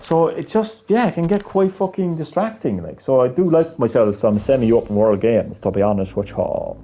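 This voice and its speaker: A man's voice: mid-range voice, very animated, normal speed, mellow, muffled recording. A man with a heavy Irish accent chatting on a gaming livestream, rambling with restarts and casual swearing.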